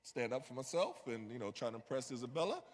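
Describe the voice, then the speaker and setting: Animated and quick, this mid-range male voice from New York turns a personal story into a conversational sermon, checking in often with "you know what I mean." The setting is a church sanctuary, heard through long hall reverb.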